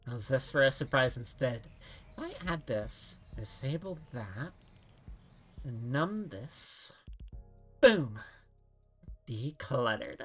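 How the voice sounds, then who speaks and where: A saccharine, patronizing AI assistant, read by a woman during a game stream. The voice sits low yet swoops up and down with lively pitch, cheerful on the surface and needling underneath. Soft music plays faintly in the background. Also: slow, pauses often, breathy edge, exaggerated voice. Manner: sweetly passive-aggressive. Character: saccharine condescending female AI assistant. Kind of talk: game dialogue read-along.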